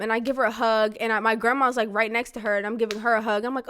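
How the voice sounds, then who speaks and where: A woman's voice: fairly high pitch, little pitch movement, quick pace, few pauses, fairly bright tone, slight background noise. A woman casually telling her life story to her father, peppering her talk with "like" and acting out what people said. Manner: chatty, fills talk with "like", acts out quoted lines.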